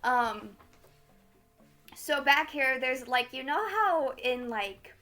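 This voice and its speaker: A woman narrating as game master of a tabletop game, halting with many fillers. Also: sits high, lively intonation, sharp tone, soft background music. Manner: halting, many fillers, laughs at own jokes.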